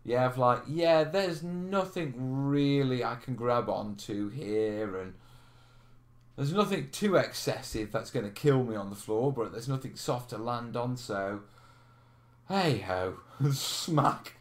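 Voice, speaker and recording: A man's voice: mid-range voice, animated, takes it slowly. A man hosting a live question stream, chatting casually, laughing and reading out viewer comments. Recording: roomy echo.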